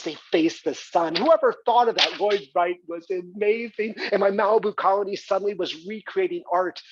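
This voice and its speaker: Brief: man as a boastful, scornful rich patron, husky, raised pitch, lo-fi sound. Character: wealthy grandiose male arts patron. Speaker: actor in a one-man stage play. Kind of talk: theatrical monologue. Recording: dull lo-fi recording.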